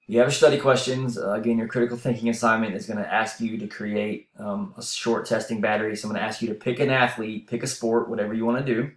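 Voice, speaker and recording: A man's voice: on the low side, flat delivery, quick pace, few pauses, echoey room. A man teaching a university class in a casual, explanatory way, with fillers and restarts. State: running out of breath. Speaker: university instructor. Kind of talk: recorded lecture voice-over. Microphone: voice-over mic.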